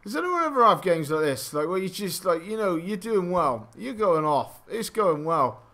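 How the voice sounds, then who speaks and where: Young man, live gameplay commentary, excitable, swearing, self-mocking, slightly high voice. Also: unhurried. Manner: excitable, swears often, mocks his own play. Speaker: gaming channel host.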